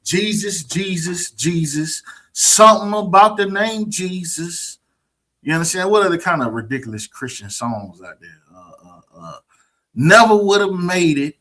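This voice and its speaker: A man's voice: fairly high pitch, expressive, normal speed, pushed and bright. A man teaching a streamed scripture lesson in a preachy, mocking way, often checking whether listeners understand. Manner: preachy, mocking, keeps asking "you understand?".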